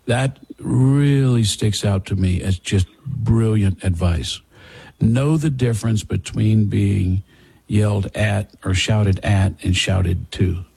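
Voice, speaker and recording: Male radio host, call-in show; husky gravel, low register, drawn-out emphatic delivery. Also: darkish tone.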